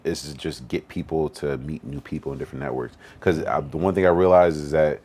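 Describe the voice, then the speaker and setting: A young man with an extremely deep, low voice talks quickly in a relaxed podcast chat. He tells his stories in an animated way and uses a lot of slang. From Western Massachusetts. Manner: fast, animated storytelling with slang. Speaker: podcast guest, event organizer. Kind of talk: casual podcast conversation.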